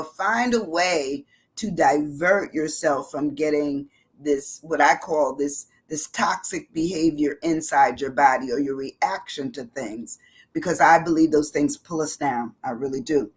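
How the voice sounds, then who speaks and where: A middle-aged woman hosting a motivational live-stream talk, chatty, laughing easily and repeating phrases for emphasis. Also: sits low. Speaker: host.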